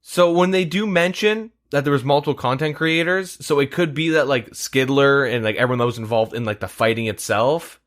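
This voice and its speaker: A man's voice: mid-range voice, brisk, hardly any pauses, a bit bright. Male podcast host, casual and rambling, filler-heavy, swears freely. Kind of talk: casual chat.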